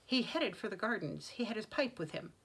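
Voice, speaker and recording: A woman's voice: medium pitch, expressive, fairly quick, fairly bright tone, slightly rough. A woman reading an audiobook voices an elderly male steward, anxious and deferential.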